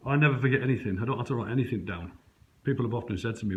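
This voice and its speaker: Low-muttering man telling his story. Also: rapid-fire, highs cut off. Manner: low muttering, conspiratorial, points around his flat as he talks. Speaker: vlogger. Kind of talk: rambling first-person account to camera. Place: his home, a flat indoors.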